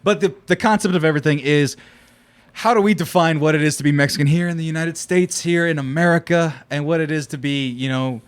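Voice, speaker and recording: Young male podcast host, fairly high voice, rambling and jokey, casual chat. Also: fairly quick, clear, resonant tone. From Fresno, California. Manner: joking, rambling, laughs often.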